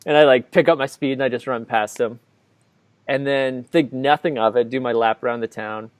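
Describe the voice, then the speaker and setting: This podcast co-host, a man based abroad in Ireland, spins out a long story indoors at a normal speed, full of fillers and constant "like"s. His voice has a middling pitch, a steady, clean tone. The audio is close and dry with no echo from the room.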